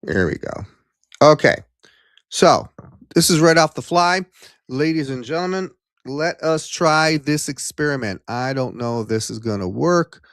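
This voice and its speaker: A man hosting a casual live-stream talk show on hypnosis, rambling with many ums and restarts, then leading a calm guided memory exercise. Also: a little high, unhurried, no echo, clean studio sound.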